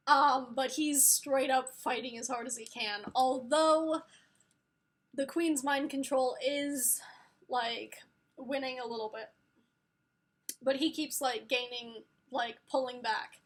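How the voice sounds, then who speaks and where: A woman's voice: high voice, fairly bright tone. A woman giving a casual spoiler book review, gushing and rambling with lots of fillers.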